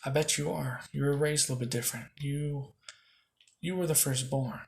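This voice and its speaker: A man's voice: on the high side, fairly even intonation, moderate pace, creaky, a little mellow, a little hiss or hum. A man voicing a condescending young noblewoman with a sarcastic, lecturing manner.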